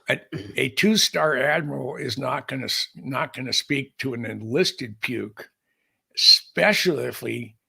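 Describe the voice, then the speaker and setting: A man's voice: mid-range voice, vocal fry, fairly bright tone, husky. An older man, a podcast guest, telling a long story in a folksy, rambling way with many restarts. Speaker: podcast guest, aviation historian. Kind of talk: storytelling in casual conversation.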